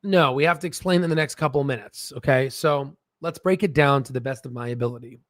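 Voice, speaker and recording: A man's voice: medium pitch, brisk, dry recording, studio quality. A man hosting a stock research channel, explaining in a rambling, profane, casual way and laughing at his own jokes, talking from a standing desk.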